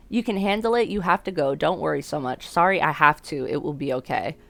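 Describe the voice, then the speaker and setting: A woman's voice: deep voice, brisk, creaky, hardly any pauses, fairly bright tone, no room sound. A woman playing a dating sim, reacting, joking, swearing and laughing as she reads the game's text aloud. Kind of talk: let's-play commentary and reading game text aloud.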